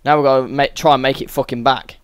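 A man's voice: mid-range voice, steady tone, fast, smooth, no room sound, studio quality. A man giving sweary, exasperated running commentary over a video game as a gaming channel host. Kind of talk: let's-play game commentary.

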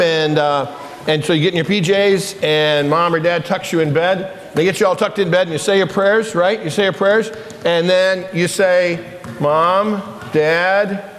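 Pastor guy talking to kids up front, kinda high voice, lots of questions, echoey church. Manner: animated, asks children questions. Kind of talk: children's lesson in church. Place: church sanctuary.

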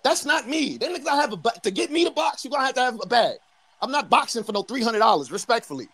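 A man from New York with a New York accent, trash-talking loudly and boastfully as a guest on a livestream call. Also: extremely high pitch, expressive, fast, slightly rough. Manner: brash, boastful, loud. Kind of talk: heated livestream trash talk.

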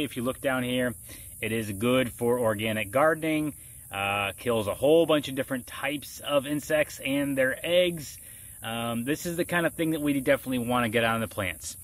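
This is a gardening vlogger from Florida giving a casual how-to demonstration outside, his medium-pitched voice muffled behind a face mask. Relaxed and conversational, he explains every step and keeps checking in with the listener.

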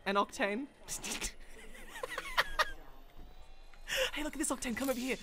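A woman giving excitable, frantic gameplay commentary, often breaking into laughs. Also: high-pitched, rapid-fire, slight background noise. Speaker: gaming video creator. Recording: gunfire and game sounds behind voice. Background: game gunfire and effects.

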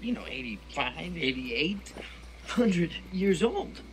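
A flustered nerdy linguist. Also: male voice, a little high, very animated, slow, slight background noise, rough recording. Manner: stammering, flustered, rambling. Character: nerdy, awkward young male linguist. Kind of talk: animated film dialogue.

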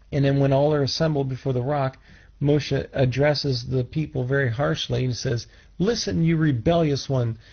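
A man teaching scripture in a measured way, restarting phrases and putting questions to his listeners. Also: mid-range voice. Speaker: Bible teacher. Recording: dull lo-fi recording.

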